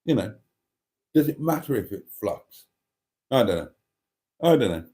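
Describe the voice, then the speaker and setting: A man's voice: mid-range voice, big pitch swings, unhurried, dark tone. A man hosting a live stream, chatting candidly and self-deprecatingly while reading viewer comments.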